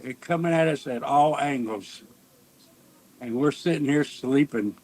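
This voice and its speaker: A man's voice: mid-range voice, a little slow, darkish tone, poor audio. A man chatting plainly as a guest on a live stream. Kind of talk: casual live-stream chat.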